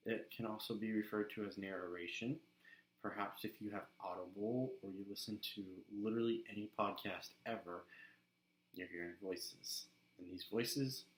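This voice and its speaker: A young male host gives casual voiceover tips in an upbeat, coaching way. His voice is fairly low and a bit echoey, as if recorded in a bare room. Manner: upbeat and instructive, with sudden shifts in loudness. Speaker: voice actor and channel host. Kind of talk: casual acting tips talk. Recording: roomy echo.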